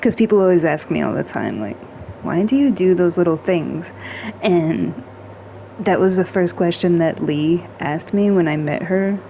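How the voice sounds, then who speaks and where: A woman talks in a casual, chatty way, full of "like"s and small humming sounds. Her voice sits a little low. The recording is dull and lo-fi with faint noise behind it. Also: normal speed, creaky. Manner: relaxed, chatty, heavy use of "like" and hums; playful with tone, acting out little sounds. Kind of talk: casual chat.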